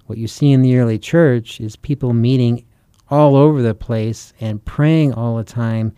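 Speaking a bit slowly in a mellow, clean, medium-pitched voice, a Christian author and preacher from the United States teaches in sermon style. He's earnest and urgent, posing many rhetorical questions, and there's no room sound.

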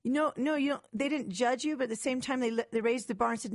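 A young adult woman tells her own story on a talk show, lively and animated, slipping into the voices of the people she quotes. Her voice sits a little high. The sound is close and dry, with no room around it. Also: fast talker, no echo. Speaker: guest. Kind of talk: personal testimony in a talk-show interview.

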